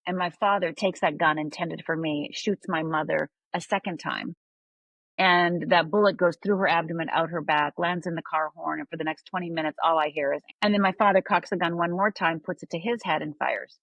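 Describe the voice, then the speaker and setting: An older woman from Upper Michigan speaks as a podcast guest in a low, husky voice. She tells her story candidly and keeps checking in with quick tag questions. The sound is dry and close. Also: fairly even intonation, fairly bright tone, no echo, rough recording. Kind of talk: personal storytelling.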